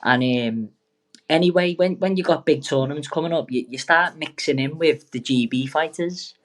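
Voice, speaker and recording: Young lad, guest boxer; loose, sweary, jokey storyteller who keeps backtracking. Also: male voice, on the high side, normal speed. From England. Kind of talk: casual storytelling interview.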